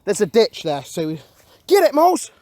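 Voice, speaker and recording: Streaming a casual vlog from an outdoor garden, a young man talks at normal speed in a high voice, with no room sound. He's excitable, chatty and keeps calling his viewers "boys," veering between mumbling and yelling.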